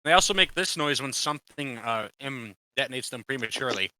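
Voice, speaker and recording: A man's voice: medium pitch, lively intonation, fairly quick, pushed and bright, a little hiss or hum, rough recording. A man running a tabletop game as game master, talking in a casual, profane, playful way.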